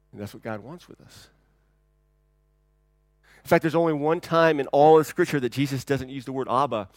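A pastor preaching in a conversational, dynamic way, swinging from loud, emphatic lines to hushed ones. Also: male voice, medium pitch, no echo. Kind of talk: sermon.

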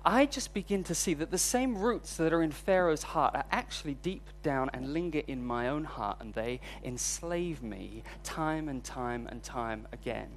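A man preaches a sermon and tells a story from his own life, his pitch swinging up and down lively as he goes. He talks candidly and pokes fun at himself, and a faint hum sits under his voice. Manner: storytelling, voice rising when recounting frustration.

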